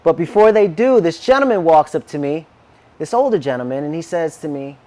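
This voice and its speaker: A man delivers a sermon as a personal story, his fairly high voice swooping up and down. He is animated and acts out each line of dialogue. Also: fairly quick. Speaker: minister.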